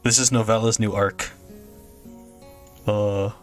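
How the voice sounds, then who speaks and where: A man's voice: lowish voice, little pitch movement, slow pace, soft background music. Laughing, rambling young male streamer. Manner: rambling, jokey, laughs often. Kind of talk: casual gameplay stream chat.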